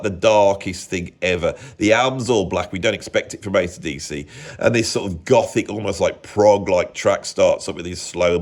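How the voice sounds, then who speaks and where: An English man, a music commentator, talking in a casual rambling monologue, opinionated and often cutting himself off mid-thought. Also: low-pitched. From England. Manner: rambling, self-interrupting, opinionated.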